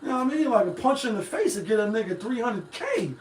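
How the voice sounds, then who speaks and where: High-voiced man ranting in an echoey room. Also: sing-song, fast. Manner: rambling, profane, talks straight to viewers. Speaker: live-stream show host. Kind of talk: casual commentary. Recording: echoey room, mic at a distance.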